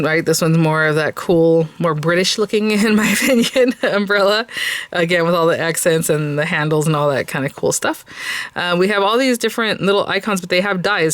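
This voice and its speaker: A woman's voice: sits low, clear, resonant tone, no room sound. A woman hosting a craft video, chatting casually and enthusiastically while she unboxes kits, with many fillers and restarts. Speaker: craft channel host. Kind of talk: casual product unboxing chat.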